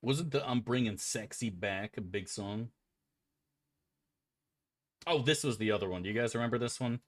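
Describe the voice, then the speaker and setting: A man with a fairly low voice streams a video game, chatting casually into a desk microphone at normal speed with long pauses. His gameplay chat is rambling, joking, and profane.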